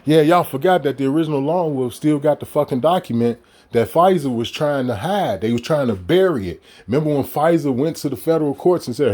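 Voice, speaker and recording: A man with a fairly high-pitched voice rants in a heated, profane monologue aimed straight at his audience. He keeps mocking the people he argues against and firing off rhetorical questions. The talk is loose and spoken off the cuff. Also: expressive, fairly quick, a little mellow. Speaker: vlogger ranting to his audience.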